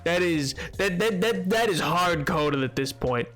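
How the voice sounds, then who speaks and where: A young man streaming a game, chatting casually, joking and rambling, and greeting viewers with excited shouts as he reads chat. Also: high-pitched, unhurried, faint music behind. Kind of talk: casual livestream chat, reading chat aloud.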